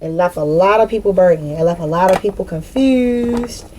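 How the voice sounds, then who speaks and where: A woman's voice: fairly low pitch, normal speed, warm tone, rough recording. Profane, laughing woman reading tarot. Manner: profane, laughs often, talks straight to viewers. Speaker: tarot reader.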